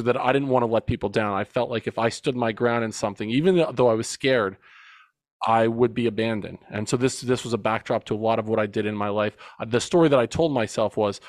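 A man's voice: medium pitch, no room sound. Earnest man in his forties, dry sound. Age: 40s. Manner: earnest and reflective, with emphatic retelling. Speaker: podcast guest, men's coach. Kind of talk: personal storytelling in an interview.

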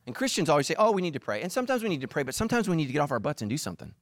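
Animated male pastor, lively delivery. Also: on the high side, racing, no room sound. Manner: animated, acts out voices and quotes. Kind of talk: humorous sermon.

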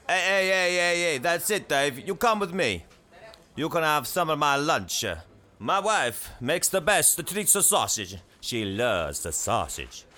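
A man's voice: a little high, big pitch swings, unhurried, bright, forceful tone, exaggerated voice. An actor playing a bossy, blustering male driving school owner in a comedy sketch.

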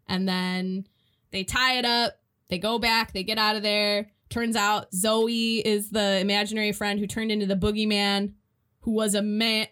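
A woman's voice: mid-range voice, fairly bright tone. A woman casually recapping a movie plot, acting out the characters' lines and laughing often. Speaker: podcast co-host.

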